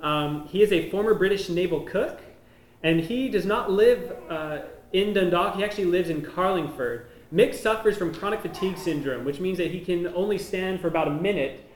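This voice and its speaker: A man's voice: sits high, normal speed. Man talking casually in an echoey hall. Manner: conversational, explains each photo casually. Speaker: missionary presenting to a church. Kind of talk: informal slideshow talk. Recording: echoey room.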